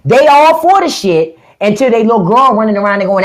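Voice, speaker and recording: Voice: mid-range voice, lively intonation, quick pace. A livestream host giving a blunt, profane, mocking rant to viewers. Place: livestream at home.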